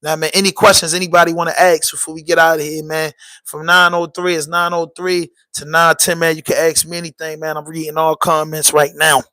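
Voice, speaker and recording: A man's voice: on the high side, little pitch movement, fairly quick, pushed and bright. A man with a Baltimore accent hosting a casual livestream podcast, talking loosely in slang while answering viewer comments. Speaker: podcast host.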